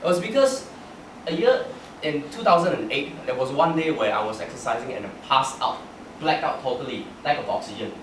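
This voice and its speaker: A man's voice: mid-range voice, animated, a little fast. A young man giving a humorous prepared speech at a club meeting, telling stories about himself and laughing through his lines. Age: young adult. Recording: echoey room from far off, noisy.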